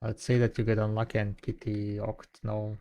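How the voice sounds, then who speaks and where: A man streaming a game, chatting casually with viewers and thinking aloud in an unhurried way. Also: lowish voice, flat delivery, warm tone. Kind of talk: casual live-stream chat.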